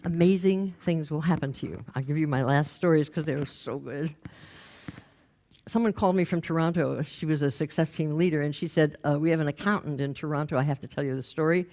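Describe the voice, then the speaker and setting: A woman's voice: deep voice, brisk. A woman career coach giving a talk, telling anecdotes and acting out the people in them. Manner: animated, acts out the people in her anecdotes. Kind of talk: storytelling talk to an audience.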